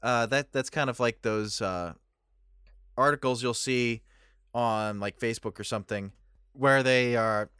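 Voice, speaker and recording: A man's voice: mid-range voice, unhurried, pushed and bright, clear, resonant tone, no room sound, clean studio sound. Wry, amused man in casual chat. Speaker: podcast co-host.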